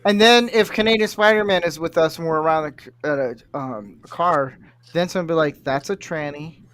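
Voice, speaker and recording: A man's voice: a little high, fairly quick, fairly bright tone. A man hosting a podcast, chatting casually and telling jokey stories, acting out what people said. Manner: jokey storyteller, acts out quotes. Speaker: podcast host. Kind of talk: casual chat.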